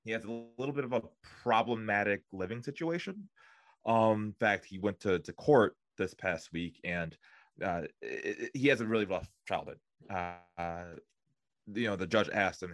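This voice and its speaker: Male sports podcast co-host, low-pitched, dry mic, deadpan joke teller. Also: normal speed, no echo. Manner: joking, deadpan setup of jokes. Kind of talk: casual sports podcast chat.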